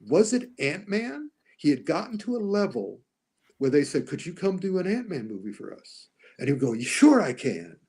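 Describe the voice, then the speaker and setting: A man talking casually as a podcast guest about films, animated, often acting out lines he quotes. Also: high voice, moderate pace, slightly rough. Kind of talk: casual podcast movie discussion.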